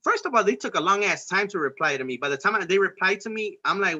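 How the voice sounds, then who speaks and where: A man's voice: high voice, animated, fast talker, hardly any pauses, pushed and bright. A man hosting a casual political podcast chat, talking in a heated, profane, rambling way with many restarts. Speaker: podcast host. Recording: dull lo-fi recording.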